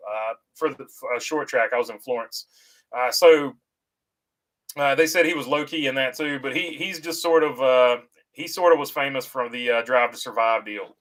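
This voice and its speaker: A man at a middle pitch hosts a casual live stream and answers viewer comments. He talks in an easygoing, halting way, full of "uh" fillers and restarts, and he reassures his regulars in a friendly tone. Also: a bit bright, rough recording. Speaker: host reading viewer comments. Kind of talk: casual livestream chat about racing.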